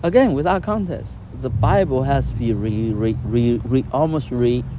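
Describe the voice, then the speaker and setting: A man teaching spiritual ideas in casual conversation, animated and laughing often, with non-native grammar. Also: mid-range voice, moderate pace, background noise. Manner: animated, acts out quoted voices, laughs often.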